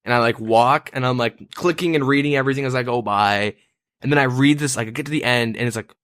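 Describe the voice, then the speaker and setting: A man's voice: mid-range voice, fast talker, fairly bright tone, no room sound. A man co-hosting a podcast, telling a story in casual banter, profane and rambling with lots of fillers. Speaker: podcast co-host.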